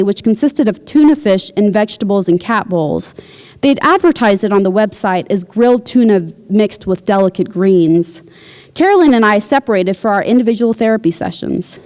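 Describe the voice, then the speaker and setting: A woman reading her own fiction aloud at a university, with a wry, deadpan delivery. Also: mid-range voice, big-room sound. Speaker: visiting writer. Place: university lecture hall.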